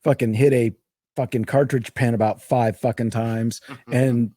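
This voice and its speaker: A man rambles through a story with plenty of swearing, his pitch sitting in an ordinary middle range. The sound is close and dry, with no room echo. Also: steady tone, normal speed, mellow. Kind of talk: casual storytelling.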